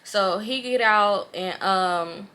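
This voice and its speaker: Young woman, bright voice, animated storytime vlog, slangy, swears freely, talks straight to the viewers. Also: mid-range voice, slow pace, smooth. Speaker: vlogger. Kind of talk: casual storytime.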